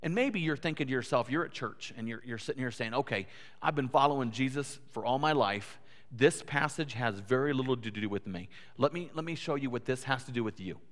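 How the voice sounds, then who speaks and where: A man's voice: mid-range voice, expressive, brisk. A man preaching a sermon as pastor, earnest, building to emphatic peaks and often repeating words. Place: church sanctuary. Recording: long church hall reverb.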